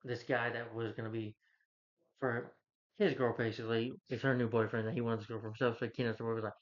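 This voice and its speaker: A man casually retelling a film's plot as a reviewer, rambling with restarts, chuckling, and jumping into a higher voice for quoted lines. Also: level tone, fast talker. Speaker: movie reviewer. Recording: dull lo-fi recording.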